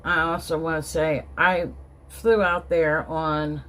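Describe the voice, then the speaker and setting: A woman's voice: sits low, little pitch movement, slow, a bit bright. A middle-aged woman telling a personal story in a casual vlog, rambling with many restarts and emotional asides. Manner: emotional, recounting being upset. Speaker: vlogger.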